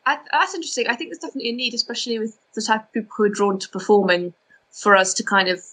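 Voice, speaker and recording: A woman from Edinburgh with a faint Scottish accent chats as a comedian guest on a podcast. Her voice is bright and clear-toned. She talks casually and self-deprecatingly, tripping into restarts. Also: fairly high pitch, racing, poor audio. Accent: light Edinburgh Scottish. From Scotland, Edinburgh.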